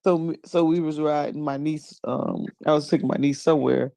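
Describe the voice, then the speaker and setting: A woman chatting casually, telling a funny story and throwing her voice high to quote others. Her tone is warm and dark, and the sound is dry and close with no room around it. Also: a little fast, gravelly, no room sound. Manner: animated storyteller, laughs often, jumps into high voices for quotes. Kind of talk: casual chat.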